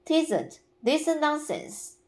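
A woman reading aloud and voicing a lively, curious little boy who asks questions insistently. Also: high voice, slow, pitched above the performer's own voice, heavily acted. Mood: eager.

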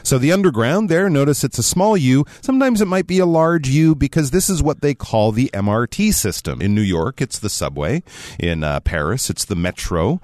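A man co-hosting a radio English lesson, explaining phrases in an animated, explanatory way. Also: normal speed, no echo, studio quality. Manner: animated, explanatory, lively pitch swings. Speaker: English teacher co-host.

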